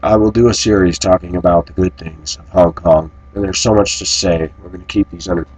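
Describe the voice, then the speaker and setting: A man's voice: sits low, steady tone, a little fast, darkish tone, a little hiss or hum, rough recording. An American man vlogging, telling rambling anecdotes in a casual, conversational way. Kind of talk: casual storytelling to camera.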